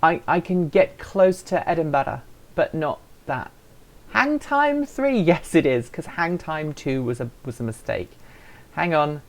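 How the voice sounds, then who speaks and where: A woman's voice: low voice, animated, a little slow. A woman hosting a casual live stream, chatting and answering viewer comments in a playful, self-deprecating way.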